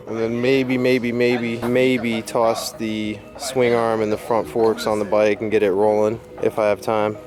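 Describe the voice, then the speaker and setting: Laid-back low-voiced guy vlogging. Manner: laid-back, slangy talk to the viewers. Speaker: motorcycle vlogger. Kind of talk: casual shop vlog narration. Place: home garage workshop.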